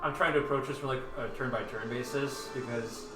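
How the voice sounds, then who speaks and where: A man's voice: medium pitch, fairly even intonation, a little fast, recorded from a distance. A man running a tabletop game as game master, talking casually and laughing often. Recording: echoey room, off-mic, music playing.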